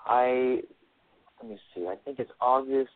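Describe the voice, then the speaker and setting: A male author is a guest on a radio interview by phone, speaking earnestly and repeating phrases as he explains. His mid-range voice is a little slow, with no room sound, over a tinny phone line.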